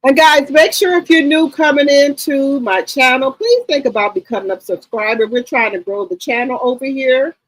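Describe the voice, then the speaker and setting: A middle-aged woman hosting a livestream, telling stories in a casual, animated, slangy chat and often repeating herself. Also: high-pitched, normal speed, few pauses, rough recording. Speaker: livestream host.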